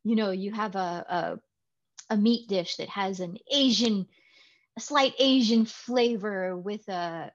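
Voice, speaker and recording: A woman's voice: mid-range voice, takes it slowly, dull audio. A woman with a Californian accent, an English pronunciation teacher chatting casually and explaining with examples and jokes. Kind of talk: casual chat.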